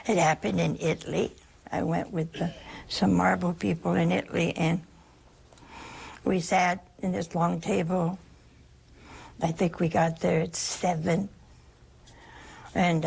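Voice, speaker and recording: Older woman, religious sister, heavily husky, gravelly, anecdotal, gently humorous spiritual talk. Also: on the low side, steady tone, a little slow, long pauses.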